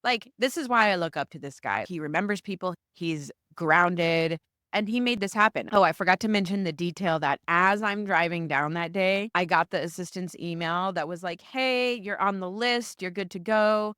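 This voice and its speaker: A woman hosts her own podcast and tells a personal story, acting out the lines of the people in it. Her voice sits low, and the recording is close and dry. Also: moderate pace, no echo. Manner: animated, acts out quoted dialogue. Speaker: podcast host. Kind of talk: storytelling solo episode.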